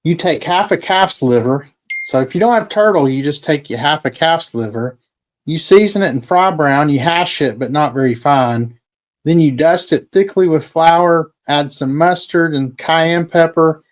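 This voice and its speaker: A man's voice: a little high, moderate pace. Folksy man reading old recipes. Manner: folksy, reads old recipes aloud with dry asides. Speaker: podcast co-host. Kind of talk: casual chat.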